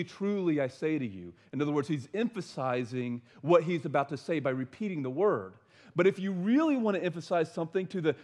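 A man's voice: a little high, a little mellow. A man preaching a sermon, earnest, stumbling over and repeating words, often asking his listeners questions. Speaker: pastor.

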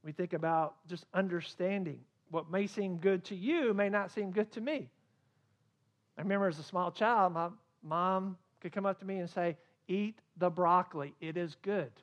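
A man preaching a sermon as a pastor, swinging between loud emphasis and quiet asides. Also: sits high, normal speed, muffled recording.

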